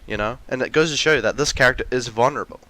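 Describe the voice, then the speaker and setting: A man's voice: mid-range voice, racing, sharp tone, a little hiss or hum. A young man in a ranty, rambling monologue, full of restarts and fillers, with mocking acted-out quotes of characters. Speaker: video essayist.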